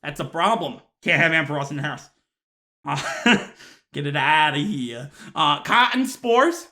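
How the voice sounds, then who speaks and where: A man's voice: fairly high pitch, a little slow. Mock-outraged man ranting for laughs. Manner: mock-outraged, deadpan asides, lots of laughs and sighs. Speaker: YouTuber. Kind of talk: comedic rant to camera.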